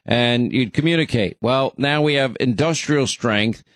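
A man with a New York accent hosts talk radio from a studio. He talks fast and teasing, bantering with his co-host. The sound is dry and close, with no room echo. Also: mid-range voice. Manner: quick, joking, teasing. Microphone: studio microphone.

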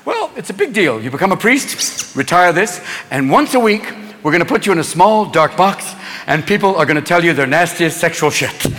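Brash high-voiced stand-up comic. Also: male voice, expressive, fairly bright tone, big-room sound. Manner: brash, rapid-fire, jumps into voices. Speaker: stand-up comedian. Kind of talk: stand-up routine. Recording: live club audience, noisy.

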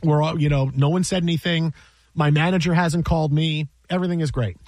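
A man's voice: fairly high pitch, fairly even intonation, a little fast, darkish tone, no echo. A man who works in sports broadcasting tells a story in casual chat, exasperated, repeating himself and acting out what people said.

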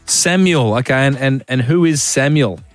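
A man's voice: mid-range voice, normal speed, soft background music. An Australian man hosting a radio show, easygoing and teasing a caller. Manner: easygoing, teasing, laughs often. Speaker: radio host. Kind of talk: breakfast radio banter.

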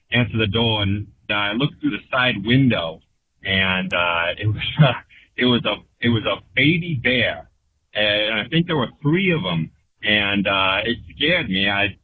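A man's voice: lowish voice, no echo. A man from California calling in to a radio show to tell a story, rambling and chuckling as he goes. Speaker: caller. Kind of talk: phoned-in voicemail story. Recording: tinny phone line.

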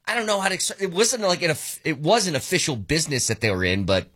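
A male co-host tells chatty anecdotes on talk radio, with quick asides in which he quotes what people said. His voice is bright and his pitch is lively. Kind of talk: casual talk radio banter.

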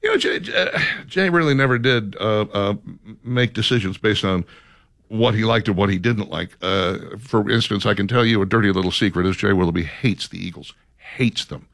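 A man's voice: on the low side, normal speed, creaky, fairly bright tone, no echo. A man hosting a casual radio chat, reading a list aloud with dry, sarcastic commentary. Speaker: radio show host.

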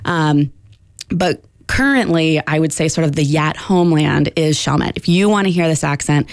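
Low-voiced woman linguist explaining. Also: no room sound. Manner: clear, measured academic explaining. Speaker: linguistics professor. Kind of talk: radio interview explanation.

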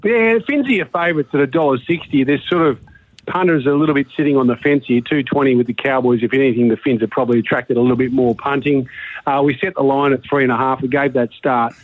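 Aussie bloke on a tinny phone line, a bit out of breath, rambly betting chat, dry sound. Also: male voice, mid-range voice, fast, no echo. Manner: chatty, rambling with fillers. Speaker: betting markets guest.

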